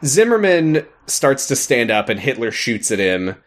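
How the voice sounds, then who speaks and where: A man hosting a podcast in casual chat, recapping the story with animated, exasperated remarks. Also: mid-range voice, measured pace. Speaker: podcast host.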